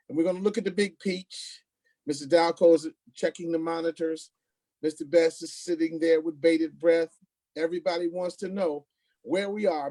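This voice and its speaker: A man's voice: fairly high pitch, dark tone, no room sound. A man hosting a live online event, announcing in an upbeat, showman-like way over a video call. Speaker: event host.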